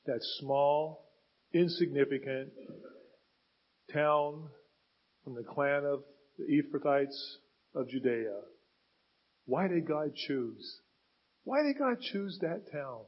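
A man preaches in a church, his voice slightly high and husky. He retells scripture with dramatic swells, dropping to a quiet, pleading tone. The recording sounds muffled and lo-fi. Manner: dramatic retelling with rising and falling emphasis. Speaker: pastor. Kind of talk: sermon.

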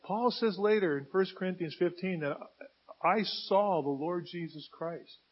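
A man preaching with a high, husky voice that swells into loud, emphatic bursts. The sound is dull and lo-fi, like a modest church recording. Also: a little slow. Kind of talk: sermon.

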